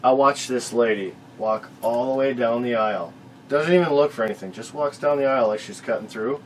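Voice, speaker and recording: A man's voice: mid-range voice, fairly quick, slight background noise, poor audio. A man co-hosting a casual chat, telling stories in a laid-back, profane, laughing way. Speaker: podcast co-host.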